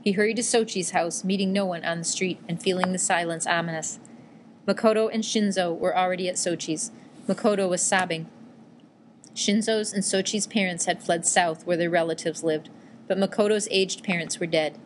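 Reading a novel aloud, a woman tells the story in a measured, even manner with a voice on the low side. The audiobook recording carries a slight hiss or hum.

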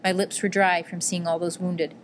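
A woman narrating a memoir-style novel in a measured, gentle storytelling manner. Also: fairly low pitch, level tone, slight background noise. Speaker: audiobook narrator.

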